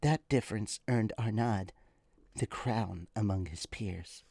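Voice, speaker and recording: A man reading a story as a soft-spoken heroine, in a whispered role-play voice. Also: on the low side, slow pace, gravelly, no echo, studio quality, voice pushed down, full character voice. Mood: soft, hushed.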